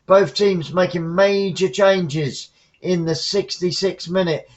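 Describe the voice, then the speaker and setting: Southern English man, fan commentator, higher-pitched, excitable, muffled lo-fi mic. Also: slow. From England. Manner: excitable, shouts on goals, chatty asides. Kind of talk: live football commentary.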